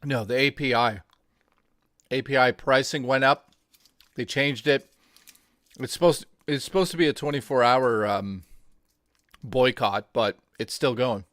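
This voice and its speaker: A man's voice: mid-range voice, unhurried, long pauses, a bit bright, dry recording, clean studio sound. A man co-hosting a casual livestream, chatting in an offhand, joking and profane way. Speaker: co-host.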